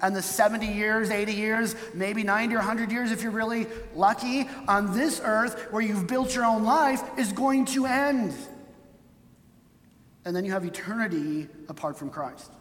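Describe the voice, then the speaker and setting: A preacher talks through a sermon like a chat, tagging points with "right?" and briefly acting out quoted voices. The voice sits mid-range, neither high nor low. It rings out with a long hall reverb. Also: moderate pace, fairly bright tone. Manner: conversational, tags points with "right?"; acts out quoted voices for emphasis.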